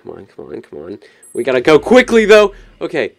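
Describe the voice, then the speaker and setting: A man hosting a video game commentary, excitable, swinging between yelling and pleading and quiet muttering. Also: on the high side, brisk, vocal fry. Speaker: gaming video host.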